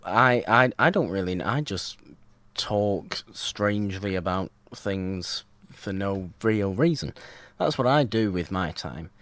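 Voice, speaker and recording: Rambling man, low voice. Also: lively intonation, slow, a bit bright, no echo. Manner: rambling, self-mocking, old-fashioned phrasing. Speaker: podcast co-host. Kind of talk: casual chat.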